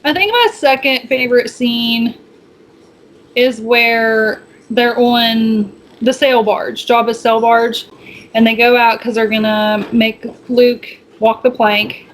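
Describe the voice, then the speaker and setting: A woman co-hosting a podcast, casually retelling scenes with quick asides. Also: on the high side, steady tone, low-quality recording. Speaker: podcast co-host. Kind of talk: casual chat.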